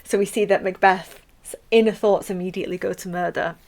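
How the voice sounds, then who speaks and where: A woman's voice: medium pitch, steady tone, brisk, a little mellow. Chatty woman teaching a revision lesson. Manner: chatty, playful, with acted-out quotes.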